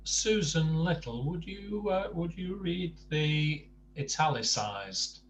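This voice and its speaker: A man's voice: a little high, expressive, slow, slight background noise. An older man leading a language class over a video call, hesitant and full of ums. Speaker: course tutor. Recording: dull video-call audio.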